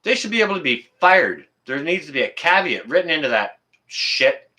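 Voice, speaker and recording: Male stream host, heated and indignant, bright forceful voice, swears then apologizes. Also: a little high, very animated, moderate pace. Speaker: livestream host. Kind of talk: heated livestream rant.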